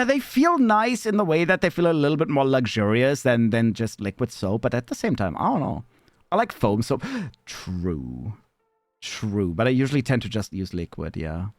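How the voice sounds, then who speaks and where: A man chatting casually on a live stream, rambling and swearing, with sudden squeaky high bits. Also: dry recording, clean studio sound.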